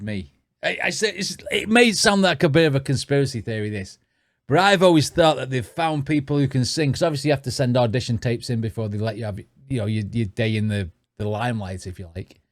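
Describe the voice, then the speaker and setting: A man's voice: medium pitch, a little fast, no echo, studio quality. A man hosting a reaction video, chatting casually with frequent laughs, swearing and rambling asides. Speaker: reaction channel host.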